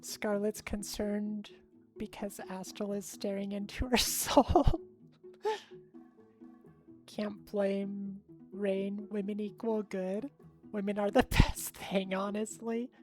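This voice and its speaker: A bubbly young woman chats with her stream audience in an unhurried, easy way and keeps breaking into laughter. Her pitch sits mid-range for a woman, and faint music plays behind her. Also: little pitch movement, a little mellow. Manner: bubbly, chatty, laughs often, talks to chat. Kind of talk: casual live-stream chat.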